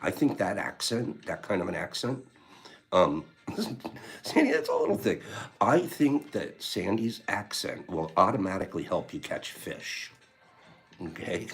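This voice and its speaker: A man's voice: low voice, wildly swooping pitch, a little slow, creaky, a bit bright. A man hosting a casual livestream, rambling and teasing as he reads viewer comments, laughing often. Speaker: livestream host.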